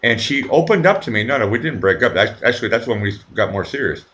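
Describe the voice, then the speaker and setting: A man's voice: medium pitch, big pitch swings, quick pace, a bit bright, lo-fi sound. A man hosting a casual livestream, rambling through a personal story with many restarts and repeated words. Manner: swears casually. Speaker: livestream host.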